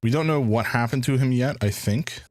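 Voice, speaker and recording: A man's voice: medium pitch, moderate pace, a little mellow, dry recording. A man streaming a first playthrough of a game, thinking aloud in a hesitant way and often restarting his sentences. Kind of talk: live game commentary.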